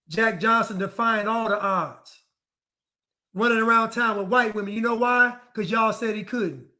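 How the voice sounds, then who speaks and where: A man's voice: high-pitched, normal speed, bright, forceful tone. A man delivering a defiant ranting monologue to camera, repeating his phrases over and over.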